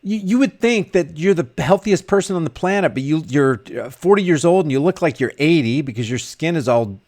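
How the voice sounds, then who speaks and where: A man's voice: on the high side, animated, brisk, a little mellow. A man vlogging casually, reading viewer comments aloud and rambling with frequent restarts and repeated words. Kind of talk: casual live chat.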